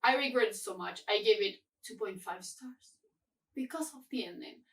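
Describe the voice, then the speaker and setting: A woman's voice: mid-range voice, moderate pace, far from the mic. A young woman in a casual book review vlog, ranting with exasperated sighs and swearing. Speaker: book vlogger.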